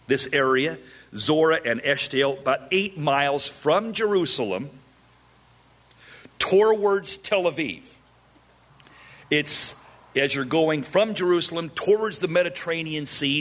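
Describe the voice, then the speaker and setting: A man preaching verse by verse, animated and humorous, acting out the people in the story. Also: medium pitch. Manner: animated, acts out voices of characters with humor. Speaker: pastor. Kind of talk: expository Bible teaching.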